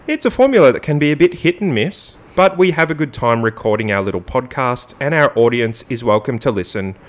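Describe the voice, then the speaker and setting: Male podcast co-host, animated pitch, dry comic banter and deadpan mock-formal reading. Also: a little fast. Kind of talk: casual banter and reading a statement aloud.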